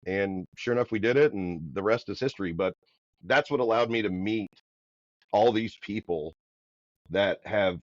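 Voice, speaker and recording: A man from the Midwest, a podcast guest, telling a story in a loud, energetic, casual way. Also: fairly low pitch, normal speed, dry recording. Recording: dull, dry podcast audio.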